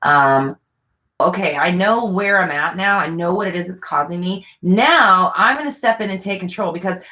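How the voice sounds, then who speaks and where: Earnest woman coach, slightly low voice. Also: normal speed, pushed and bright. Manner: earnest, repetitive, thinks aloud with fillers. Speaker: manifestation coach answering viewer questions. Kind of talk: casual advice talk.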